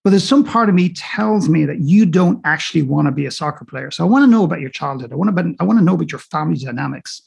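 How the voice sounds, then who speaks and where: A man's voice, a little high, with a gravelly, husky grain. He is a coaching guest telling anecdotes in conversation and animates them by acting out both sides of each exchange. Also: quick pace, hardly any pauses. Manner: animated, acts out dialogue in stories. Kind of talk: conversational storytelling.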